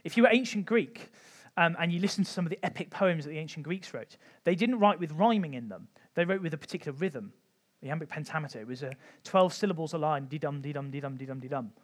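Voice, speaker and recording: Church teacher, male, higher-pitched, chatty and informal, lots of ums. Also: animated, fast talker. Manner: conversational, frequent ums, light humour. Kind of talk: informal Bible teaching talk.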